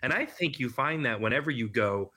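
A man's voice: medium pitch, expressive, fairly quick, pushed and bright. A man from Wisconsin, a filmmaker talking over a video call in a casual interview, rambling with many restarts. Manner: rambling, repeats words and restarts often. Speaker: filmmaker guest.

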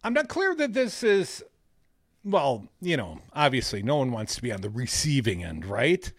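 A man co-hosting a casual news chat, reading out stories and adding animated, jokey asides. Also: medium pitch, normal speed, no room sound, studio quality. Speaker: podcast co-host.

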